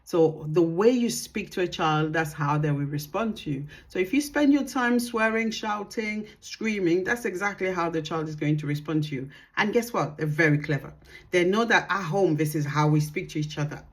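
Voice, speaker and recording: A woman working as a parenting consultant, giving calm, earnest advice to the camera and acting out bits of dialogue as she goes. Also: fairly low pitch, normal speed.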